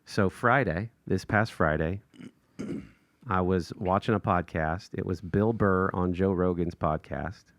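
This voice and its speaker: Deep and unhurried, this male podcast co-host tells a casual story with lots of laughter, acting out quotes in raised voices. The sound is dry and studio quality.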